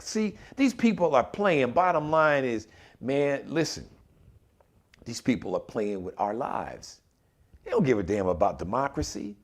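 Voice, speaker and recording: A man hosting a live political talk show, delivering impassioned, indignant commentary in slangy speech and mocking politicians in quoted voices. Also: a little high.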